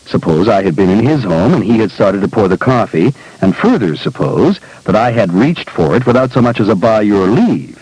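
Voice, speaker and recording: A man reading a personal essay aloud in a measured, deliberate storytelling manner. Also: fairly low pitch, sing-song, a little mellow, slightly rough, dry recording, rough recording. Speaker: speaker recounting personal experiences.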